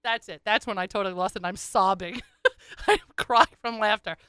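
Brief: animated woman storyteller, radio host, crisp and bright, dry mic. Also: mid-range voice, moderate pace, no room sound. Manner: animated, chatty, laughing asides. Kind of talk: comic storytelling.

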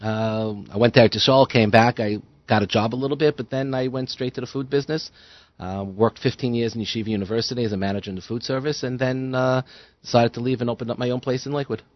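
A man's voice: medium pitch, fairly even intonation, fast, no room sound. A man in his fifties answers a host's questions in a plain, matter-of-fact way, his voice sitting in an ordinary middle range. The sound is dry and slightly muffled. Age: 50s. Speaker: guest. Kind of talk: interview answers.

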